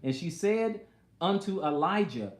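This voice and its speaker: A man's voice: high voice, animated, a little slow. A man preaching a sermon, reading scripture aloud and then retelling it in everyday speech, sometimes acting out the people in the story. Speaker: pastor. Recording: roomy echo.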